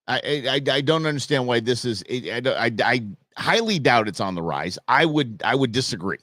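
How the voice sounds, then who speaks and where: A man's voice: medium pitch, lively intonation, moderate pace, a bit bright, no room sound, clean studio sound. A man hosting a live show, ranting casually and sarcastically, often stammering and repeating words as he goes. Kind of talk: casual livestream rant.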